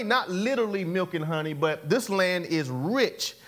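A man's voice: high voice, animated, moderate pace, a bit bright. A man preaching a sermon in a call-and-response style, repeating his phrases and chuckling often.

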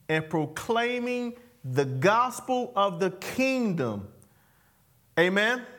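A man's high-pitched preaching voice that swings widely up and down. He delivers a sermon in a playful, animated way, throwing questions at the congregation and waiting for their amens. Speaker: pastor. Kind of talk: sermon with call and response.

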